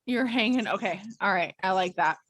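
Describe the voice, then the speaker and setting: On a video call, a woman working as a clinical instructor leads a casual group check-in. Her mid-range voice is chatty and animated, full of quick asides, with no room sound in the recording.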